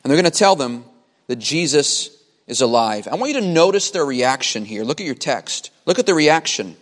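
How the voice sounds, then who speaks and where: A man preaching a sermon as a pastor, emphatic, with dramatic pauses and repeated phrases. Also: mid-range voice, sing-song. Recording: long hall reverb.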